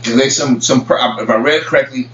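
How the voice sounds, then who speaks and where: Talking fast in a medium-pitched voice with fairly even intonation, a man rants casually to camera about celebrity news. He rambles, stammers, and repeats words often, on a roomy, distant, dull lo-fi recording with faint hum.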